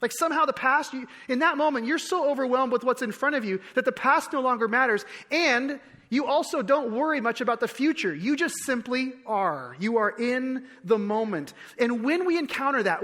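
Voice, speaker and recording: A man preaching a sermon as pastor, conversational with repeated phrases and restarts, dropping soft on key lines. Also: extremely high pitch, normal speed. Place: church sanctuary. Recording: long hall reverb.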